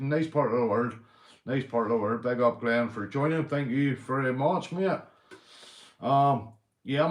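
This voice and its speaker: A Northern Irish man hosting a casual livestream, rambling and boisterous, a few beers in, calling everyone "mate". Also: mid-range voice. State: drinking beer. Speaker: livestream host. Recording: echoey room.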